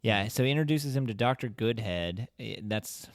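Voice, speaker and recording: A man's voice: lowish voice, animated, moderate pace, dry recording, clean studio sound. Man rambling through a movie recap. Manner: rambling, lots of "like", laughs often. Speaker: podcast co-host. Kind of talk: casual movie recap chat.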